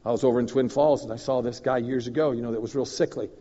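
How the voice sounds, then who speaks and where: A man preaching as a guest minister, telling a story in an animated way that swings from loud and emphatic to low and confiding. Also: quick pace. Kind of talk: storytelling sermon. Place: church hall. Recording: dull recording in a reverberant hall.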